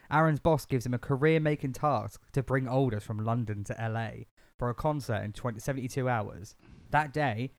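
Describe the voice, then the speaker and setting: A man with a mid-range voice co-hosts a casual podcast, rambling and laughing often as he talks through a film. The sound has no echo.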